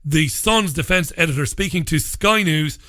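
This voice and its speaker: A man's voice: on the high side, normal speed, sharp tone. A male radio show host giving opinionated news commentary in a scornful, mocking way, laughing at his own jokes.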